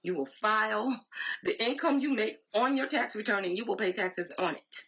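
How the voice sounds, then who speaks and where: A woman's voice: mid-range voice, expressive, moderate pace, husky. Emphatic woman on a tinny live stream. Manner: emphatic, repetitive, conversational. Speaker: direct sales team leader. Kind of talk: motivational live-stream talk. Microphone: phone or laptop live stream. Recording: tinny phone-like audio.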